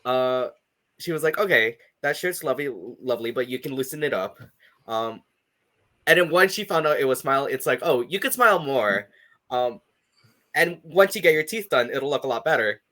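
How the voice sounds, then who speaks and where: Chatty man with a bright voice. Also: mid-range voice, expressive, normal speed. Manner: chatty, laughs often, many fillers. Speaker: podcast co-host. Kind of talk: casual chat.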